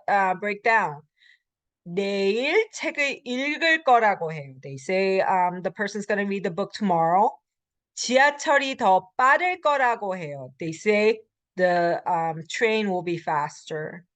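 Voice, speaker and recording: A woman with an American English accent giving a recorded grammar lecture as a language instructor. She reads short example sentences quickly, then explains them slowly with many fillers. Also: mid-range voice, no room sound.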